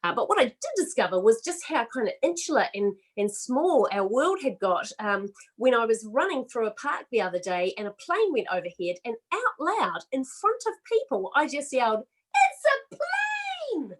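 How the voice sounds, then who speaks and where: A middle-aged woman from Australia doing a self-mocking, animated stand-up set over a video call. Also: a little high, moderate pace, hardly any pauses, poor audio. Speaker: comedian.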